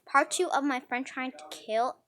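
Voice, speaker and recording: A woman's voice: high voice, moderate pace, a bit bright, slight background noise. A woman telling a rambling story in a casual storytime style, with frequent restarts and acted-out dialogue.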